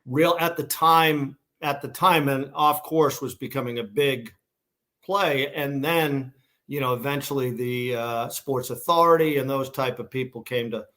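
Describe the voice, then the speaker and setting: A man's voice: mid-range voice, unhurried, sharp tone. A middle-aged man from Massachusetts with a Boston accent, telling stories as a company founder in a casual interview, rambling with fillers and restarts. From Massachusetts, USA. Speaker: guest, shoe company founder.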